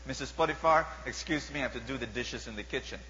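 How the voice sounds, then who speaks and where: A man's voice: medium pitch, quick pace, pushed and bright, slight background noise, pitched below the performer's own voice, natural voice. A man voicing a polite young male servant who makes hesitant, apologetic excuses. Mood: nervous, polite. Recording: dull lo-fi sound with long hall reverb.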